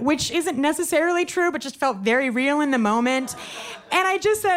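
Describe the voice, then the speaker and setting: A woman with a high voice tells a personal story on stage. She talks fast and chatty, piles on fillers and pokes fun at herself. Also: expressive, noisy background. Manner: quick, self-deprecating, chatty with many fillers.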